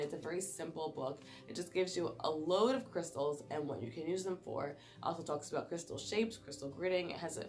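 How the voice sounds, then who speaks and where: A young woman vlogger chatting casually as she explains things and holds up stones to the camera. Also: fairly low pitch. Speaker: crystal vlogger. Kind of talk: casual how-to talk.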